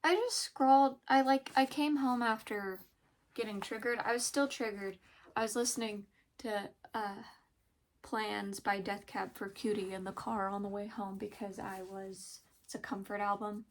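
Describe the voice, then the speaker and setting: A young woman talking hesitantly in a personal confessional vlog, pausing often and searching for words. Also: mid-range voice, fairly even intonation, a little hiss or hum. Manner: hesitant, halting, many pauses and fillers; emotional, soft-spoken. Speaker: vlogger.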